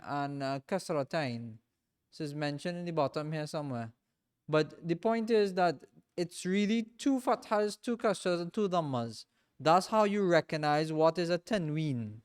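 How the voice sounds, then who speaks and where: A man teaching a reading class in a mosque, patiently repeating and drilling each sound slowly for his students. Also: sits high, clean tone. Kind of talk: classroom lesson.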